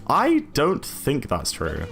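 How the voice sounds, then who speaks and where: A man's voice: mid-range voice, wildly swooping pitch, takes it slowly, vocal fry, a bit bright, faint music behind. A man from Newcastle with a mixed northern and southern English accent, chatting casually on a stream in a rambling way. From Newcastle, England. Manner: rambling, chatty, frequent restarts and fillers. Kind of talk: casual chat while gaming.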